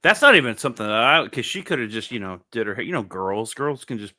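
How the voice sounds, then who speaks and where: Man, casual comic review chat, bright tense voice, laughs a lot, dry close recording. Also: medium pitch, sing-song, fast, no echo. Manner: laughing often, rambling with restarts. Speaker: podcast co-host reviewing comics.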